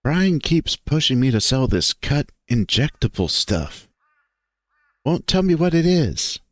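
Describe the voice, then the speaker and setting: A man plays a small, foul-mouthed male bat with a defensive, grumbling way of talking. The delivery is slow, and the voice moves a lot in pitch. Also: sing-song, no room sound, clean studio sound. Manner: crude, cursing, defensive. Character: small, crude, edgy male bat dealer.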